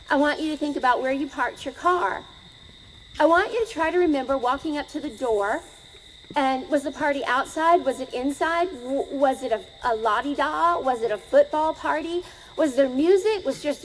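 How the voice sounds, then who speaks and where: A woman's voice: high-pitched, a little hiss or hum, poor audio. A middle-aged woman telling a story live to an audience, conversational and asking them questions.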